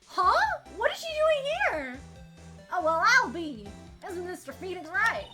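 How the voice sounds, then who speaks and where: A woman voicing a brash, loud female photographer with a folksy Southern US accent, over game music. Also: very high voice, wildly swooping pitch, measured pace, voice pushed up, full character voice. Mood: brash, excited. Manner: folksy, boisterous.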